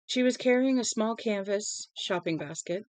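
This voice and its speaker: A woman reading a novel aloud in a plain, unhurried way, with small slips, into a close mic at home. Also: medium pitch, a little mellow, dry recording. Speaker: audiobook reader.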